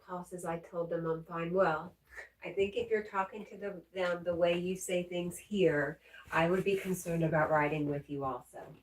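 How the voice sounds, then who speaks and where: The livestream host, a woman with a lowish voice and fairly even intonation, chats at a moderate pace during a casual early-morning stream at home, reading comments and baby-talking her dog. The mic is far off, the sound roomy, with slight background noise.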